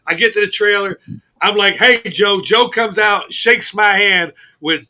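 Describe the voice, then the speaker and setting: A man co-hosting a casual sports radio show, telling a long funny story, cursing, laughing and shouting as he goes. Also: high voice, unhurried. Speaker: co-host. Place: radio studio.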